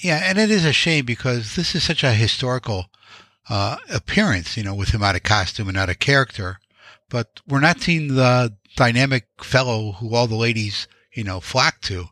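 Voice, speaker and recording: A man co-hosting a podcast, giving relaxed opinions with dry quips. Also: medium pitch, moderate pace, dry recording. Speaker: podcast co-host. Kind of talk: conversational film discussion.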